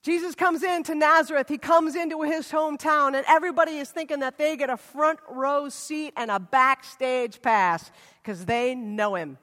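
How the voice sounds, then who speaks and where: A woman preacher tells a scripture story in a casual, animated sermon. Her voice sits high. A long reverb trails her words around the worship hall. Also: moderate pace.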